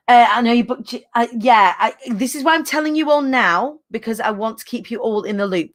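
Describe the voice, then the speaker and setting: Woman hosting a live stream, chatty and frank, restarts a lot, talks straight to her viewers. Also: mid-range voice. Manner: energetic, candid, rambling with fillers and restarts. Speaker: business community host. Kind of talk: casual livestream update.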